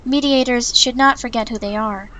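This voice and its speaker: Brief: stubborn, earnest young woman narrating a visual novel, read by a woman, slightly high voice. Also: normal speed, sharp tone, low-quality recording. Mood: indignant. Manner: indignant, earnest narration in first person. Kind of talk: reading a visual novel aloud.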